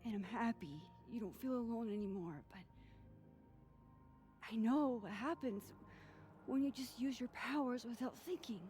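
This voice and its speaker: A woman's voice: fairly high pitch, moderate pace, pauses often, darkish tone, lightly acted. A woman voicing an earnest, guarded young woman in video game dialogue, speaking sincerely and reassuringly over game music. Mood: gentle concern.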